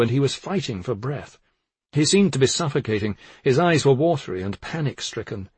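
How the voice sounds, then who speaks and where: Husky male audiobook narrator. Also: medium pitch, no echo. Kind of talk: scripted narration.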